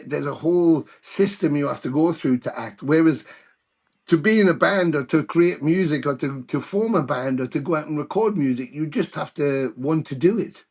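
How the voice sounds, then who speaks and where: A middle-aged British man telling anecdotes in a casual interview, animated when he quotes others. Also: on the high side, breathy edge. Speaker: guest musician.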